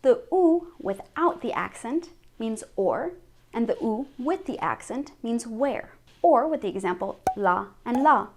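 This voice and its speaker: Lady french teacher, bit high voice, spells out sounds slow and careful. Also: expressive, a little mellow, slight background noise. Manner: models each French sound slowly and clearly. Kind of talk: scripted language lesson.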